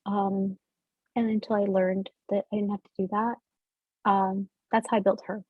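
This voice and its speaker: Bubbly laughing woman author, husky voice. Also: medium pitch, level tone, moderate pace, dry recording, narrow, tinny audio. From United States. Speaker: author guest. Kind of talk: casual interview chat.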